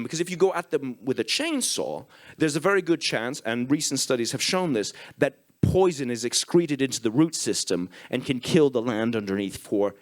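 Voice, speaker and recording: Irish man, lively swooping pitch, comic storytelling, swears freely, self-mocking. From Ireland. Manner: profane, self-mocking, animated anecdotes. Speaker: conference speaker. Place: conference stage.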